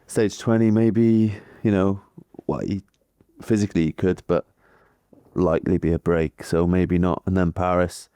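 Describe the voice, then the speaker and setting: A man's voice: sits low, steady tone, unhurried, mellow, clear, resonant tone, dry recording, clean studio sound. A Welsh man co-hosting a cycling podcast, telling stories in a laid-back, chatty way. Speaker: podcast co-host, pro cyclist. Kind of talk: casual podcast chat.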